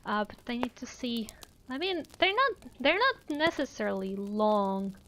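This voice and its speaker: Woman, Russian accent, native Russian speaker, streamer, fairly high voice, casual chat, storytelling, lots of fillers. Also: sing-song, a little slow, a bit bright, a little hiss or hum. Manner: chatty, many fillers like "like" and "you know". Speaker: VTuber streamer. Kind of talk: casual livestream chat and fairy-tale reading.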